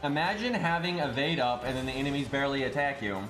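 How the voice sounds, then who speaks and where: Man, live game streamer, casual thinking-aloud talk, occasional swearing, echoey room, soft music underneath. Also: medium pitch, fast. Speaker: streamer playing a mobile game. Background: faint game music.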